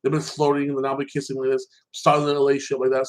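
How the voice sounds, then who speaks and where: Casual man, mid-pitched, rambling TV recap with frequent profanity. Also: completely flat delivery, fast talker, low-quality recording. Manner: rambling, repeats "like that", swears freely. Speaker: show reviewer.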